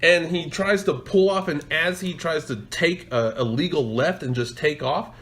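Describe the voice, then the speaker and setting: A brash man spinning a profane road rage story on a podcast, slightly higher voice than most men. He swears freely and bursts into loud acted-out yelling while he tells it. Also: moderate pace. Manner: profane, loud, acts out shouting in quotes. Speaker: podcast co-host. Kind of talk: casual storytelling chat.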